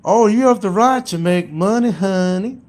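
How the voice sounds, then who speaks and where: Brief: condescending Southern belle attorney, high and sugary, mockingly put on by a man. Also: normal speed, darkish tone, natural voice. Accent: put-on American Southern. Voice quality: high, cooing falsetto. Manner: condescending, syrupy. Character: mocking sweet-talking female lawyer with Southern drawl.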